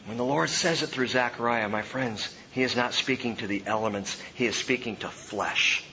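A man preaching an expository sermon in an animated way, dropping to a hush and rising loud for emphasis. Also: mid-range voice, normal speed, lo-fi sound, slight background noise.

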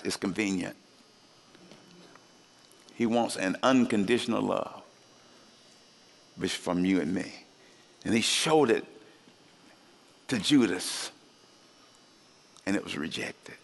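A man preaching a sermon, animated and joking with the congregation, often jumping into high voices to act out quoted people. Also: vocal fry. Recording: long hall reverb.

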